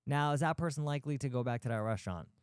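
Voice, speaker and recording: A man's voice: mid-range voice, expressive, racing, clear, resonant tone, dry recording, clean studio sound. A man hosting a talk for healthcare practice owners, blunt and emphatic, firing off rhetorical questions and the odd swear word. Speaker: podcast host, physical therapist.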